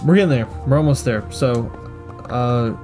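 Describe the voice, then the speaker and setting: A man's voice: medium pitch, moderate pace, music in the background. Rambling young man, gameplay commentary. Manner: rambling, joking, self-mocking. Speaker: gaming streamer.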